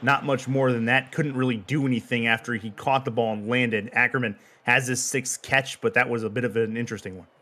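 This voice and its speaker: A male play-by-play announcer calls a football sim game with quick, punchy play calls. He stays even between snaps and then shouts on big plays. A faint hiss of noise sits under his voice. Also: mid-range voice. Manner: calm play calling that jumps to excited shouting on big plays. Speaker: play-by-play commentator. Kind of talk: live sports play-by-play.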